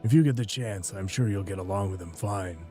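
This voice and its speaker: A man's voice: a little fast, faint music behind, natural voice. A man voicing a grim, weary adult warrior hero who speaks curtly and dryly. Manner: low, quiet, dry and curt.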